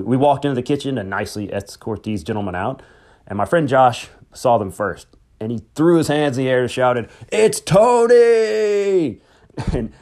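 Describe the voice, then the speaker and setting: A middle-aged man hosting a podcast, telling rambling, conversational stories about his late brother, grieving but hopeful. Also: lowish voice. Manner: conversational and rambling, with restarts and soft chuckles. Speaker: podcast host. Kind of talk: personal storytelling, memorial tribute.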